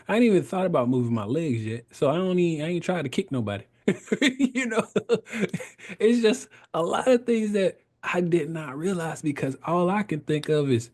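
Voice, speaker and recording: A man's voice: on the high side, lively intonation, normal speed, darkish tone. A man in his thirties, a podcast guest, telling his story in casual conversation, laughing often and acting out the voices he quotes.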